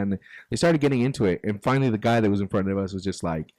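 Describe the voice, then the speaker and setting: Fast-talking man telling a profane story. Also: fairly low pitch. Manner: profane, animated anecdote-telling. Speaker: podcast host. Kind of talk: casual storytelling.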